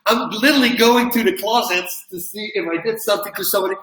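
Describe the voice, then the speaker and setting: A man with a fairly high, bright voice spins a wild personal anecdote with lively energy, chuckling between lines. He sounds set back from the mic in a roomy, echoing space. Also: fast talker. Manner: lively, laughs at his own story, acts out quotes. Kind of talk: animated storytelling. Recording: roomy, from a distance.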